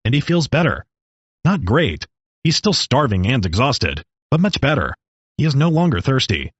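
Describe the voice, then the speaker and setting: A man narrating a story with a steady, descriptive reading. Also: medium pitch, breathy edge, no room sound, dull audio.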